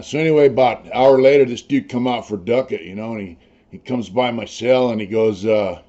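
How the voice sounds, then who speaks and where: Older guy low voice rambling prison stories, swears a lot, muffled lo-fi audio. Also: dark tone. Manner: rambling, profane, peppered with "you know". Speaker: former prisoner telling his stories. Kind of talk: casual storytelling.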